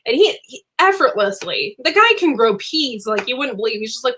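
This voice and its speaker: A woman's voice: on the high side, sing-song, fairly quick, pushed and bright, slight background noise. Young adult woman, livestream host; bubbly, rambling, giggly chat. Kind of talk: casual live chat.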